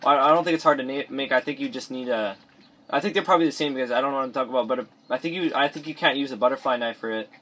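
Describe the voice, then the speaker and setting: Talking very fast in a medium-pitched voice that sounds pushed and bright, a teenage boy narrates a let's play in his bedroom. His commentary rambles with frequent restarts and mumbled asides, captured by a cheap or built-in device mic.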